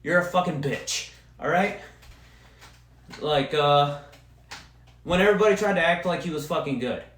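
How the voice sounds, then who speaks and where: A young man hosting a podcast, ranting casually and profanely as an excitable sports fan. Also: a little high, moderate pace, reverberant. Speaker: podcast host. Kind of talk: casual solo rant.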